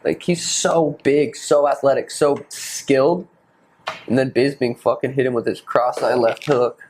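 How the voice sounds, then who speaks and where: A man's voice: medium pitch, measured pace, a little hiss or hum, poor audio. Young man swearing through casual chat. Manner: loose, swears a lot, animated impressions. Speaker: podcast host, fighter.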